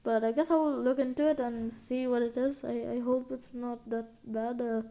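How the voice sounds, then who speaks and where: A woman talks through a game update in a loose, rambling way, full of fillers and restarts. Her voice sits a bit high, with a mellow, soft tone. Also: fairly even intonation, normal speed. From India. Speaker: gaming video creator. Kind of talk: casual game update commentary.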